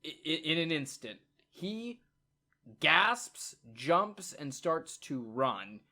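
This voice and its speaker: A man narrating a tabletop game as game master, in a casual, halting way with many fillers. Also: fairly high pitch, big pitch swings, pushed and bright.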